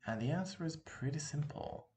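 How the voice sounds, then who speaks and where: A man's voice: a little high, expressive, normal speed, a little mellow, slight background noise. A man with a Russian accent, a native Russian speaker, teaching a casual online language lesson and patiently repeating words for practice. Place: room with open window, street noise behind.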